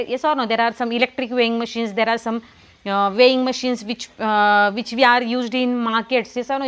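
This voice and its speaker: A female teacher with a Marathi accent and a fairly high-pitched voice leads a classroom lesson. She asks the same questions over and over and spells words out letter by letter.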